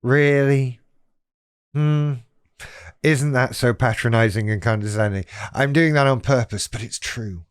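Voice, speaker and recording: A man's voice: mid-range voice, moderate pace, smooth, no room sound, clean studio sound. A man hosting his own channel, talking straight to the viewer in a wry, self-deprecating way. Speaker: YouTube channel host on living with BPD. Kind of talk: casual direct-to-camera talk.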